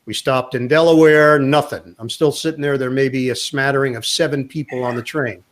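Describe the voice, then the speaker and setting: A man's voice: medium pitch, fairly quick. A man, a sportscaster, telling a long anecdote in a casual interview and acting out the quotes. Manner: lively storyteller acting out quotes. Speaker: sportscaster guest. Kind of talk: storytelling anecdote in a chat.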